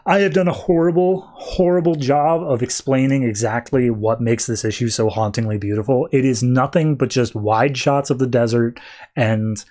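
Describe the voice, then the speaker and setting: A man hosting a comics podcast, casually retelling a comic book issue and reading out the characters' lines in a low-key voice. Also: moderate pace, darkish tone.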